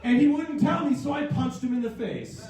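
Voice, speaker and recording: A man's voice: extremely high pitch, lively intonation, moderate pace. A man in his thirties from Canada doing a self-deprecating stand-up set, rambling with fillers and slipping into put-on voices. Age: 30s. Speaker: stand-up comedian. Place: comedy club stage with a live audience. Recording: echoey club from a distant mic, crowd laughter.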